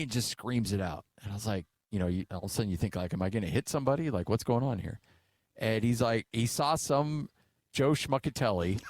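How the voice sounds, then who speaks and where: A middle-aged man co-hosting a sports radio show, chatting casually and telling animated stories full of filler uhs. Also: lowish voice, no room sound, studio quality. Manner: animated storyteller, acts out quotes with filler uhs. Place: radio studio. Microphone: studio microphone.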